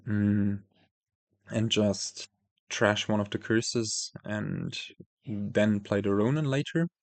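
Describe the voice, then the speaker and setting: A man's voice: on the low side, fairly even intonation, slow, creaky, no echo. A man commentating his card game, thinking aloud with many fillers and self-corrections, while losing his voice. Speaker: host playing a card game. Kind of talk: casual gameplay commentary.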